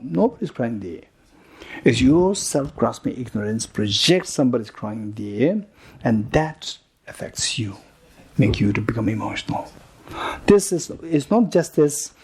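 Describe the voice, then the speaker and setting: A husky man in his thirties teaches a Buddhist retreat to a live group. He talks in halting bursts, repeating and restarting words, chuckling between points. He keeps asking his listeners questions as he builds his examples. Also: medium pitch, very animated, darkish tone.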